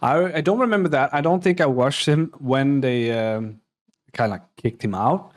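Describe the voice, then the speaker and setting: This young adult from Poland, whose first language is Polish, talks at a moderate pace in a mid-range voice. He's hosting a live reaction stream, rambling and joking at his own expense, swearing and frequently starting his sentences over.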